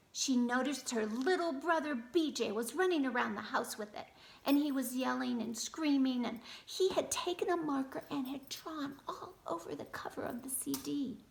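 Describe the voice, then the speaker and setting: Woman kindergarten teacher, gentle storyteller, gravelly and fairly high. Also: a little hiss or hum. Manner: gentle, addresses children directly. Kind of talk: storytelling lesson for children.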